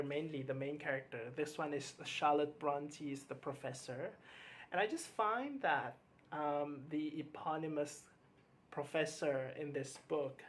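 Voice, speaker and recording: Book vlogger, casual review chat, stammering restarts, candid, faint hum behind. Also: mid-range voice. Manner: hesitant, with frequent stammered restarts and fillers; candid and mildly exasperated about books.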